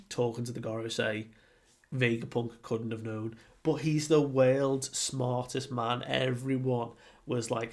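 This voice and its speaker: A man's voice: medium pitch, fairly even intonation, unhurried, vocal fry. A young man chatting casually through a comic chapter recap, full of fillers and acted-out quotes. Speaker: anime and manga reviewer.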